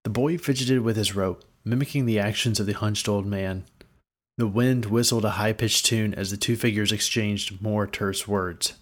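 Man narrating a fantasy story, low voice. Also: fairly even intonation, normal speed.

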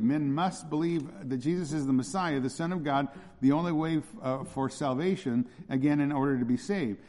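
A pastor with a medium-pitched, darkish voice preaches an expository sermon in a church hall. He is emphatic and repetitive, frequently checking in with listeners through rhetorical questions, and the recording carries a long hall reverb.

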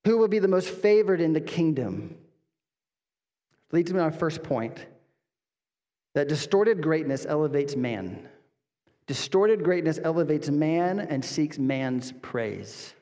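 A man's voice: a little high, animated, takes it slowly, long pauses, warm tone. A man preaching an expository sermon as pastor, earnest and emphatic, repeating lines and asking rhetorical questions. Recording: long reverb of a hall.

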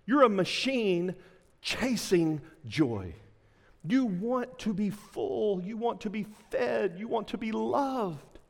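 A man preaching a sermon as a pastor, impassioned, dropping to a hush at times. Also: high voice, big pitch swings, takes it slowly, gravelly, long reverb tail.

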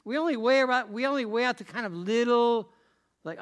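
High-voiced middle-aged male preacher. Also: very animated, fairly quick, fairly bright tone. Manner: rhetorical, keeps asking "right?", restarts and repeats phrases. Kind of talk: conversational sermon.

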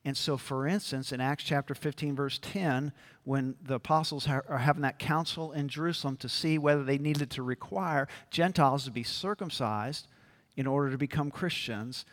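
A man's voice: medium pitch, normal speed, a bit bright. A man preaching a sermon as pastor, earnest and building to emphatic peaks, often checking in with his congregation. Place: church sanctuary. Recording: long reverb of a large hall.

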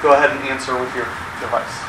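A man teaching a class in a large room, explaining in a relaxed way with plenty of fillers. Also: mid-range voice, quick pace. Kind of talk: classroom lecture. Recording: echoey room with background noise.

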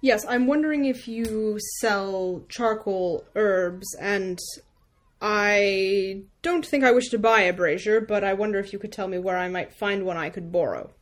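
A woman's voice: medium pitch, measured pace. A woman playing at a tabletop game, with a mid-range voice. She speaks in formal, polite phrasing. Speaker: player.

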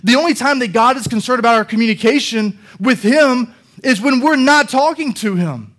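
A man preaching a sermon, reading scripture and rising into animated, passionate delivery. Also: extremely high pitch, normal speed. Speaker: pastor.

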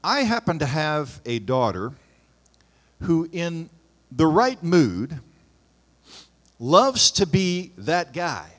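A man, a pastor, reading scripture aloud and breaking off for relaxed, conversational asides in his sermon. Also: a little high. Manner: conversational, pauses for informal asides. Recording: long hall reverb.

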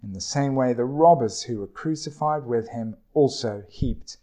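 A man preaching a sermon, telling a story and reading scripture in a measured, deliberate way. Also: mid-range voice, mellow.

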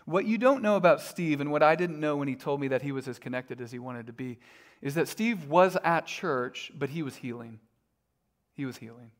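A man's voice: fairly high pitch, animated, moderate pace. A middle-aged man preaching a sermon as a pastor, conversational and self-deprecating, with frequent fillers.

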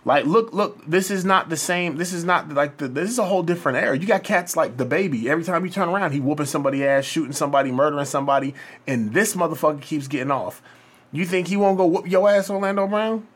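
A man's voice: fairly high pitch, quick pace. A man co-hosting a podcast, ranting heatedly in casual chat with heavy cursing. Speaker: podcast co-host.

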